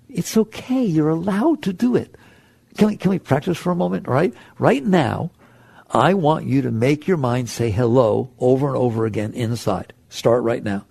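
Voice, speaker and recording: A man giving a spiritual talk to an audience, conversational and animated, acting out the voices in people's heads. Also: mid-range voice, normal speed, gravelly, slightly rough, no echo. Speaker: spiritual teacher.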